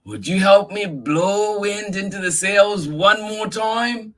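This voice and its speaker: During story time, a man with a high, fairly bright voice reads a picture book to kids at a slow pace. It's a lively read-aloud packed with exclaiming and questions aimed at the children.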